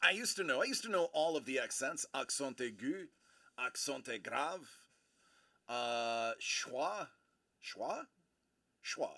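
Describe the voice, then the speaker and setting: A man's voice: mid-range voice, animated, a little slow, sharp tone. A man hosting a livestream, chatting casually and playfully and answering viewers by name. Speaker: livestream host.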